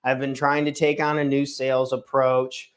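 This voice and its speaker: A man's voice: mid-range voice, level tone, moderate pace. A man hosting a daily morning livestream, talking casually and earnestly, often restarting and correcting himself. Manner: rambling, self-correcting, earnest. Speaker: host of a daily morning show. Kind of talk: casual solo livestream talk. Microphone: streaming setup microphone.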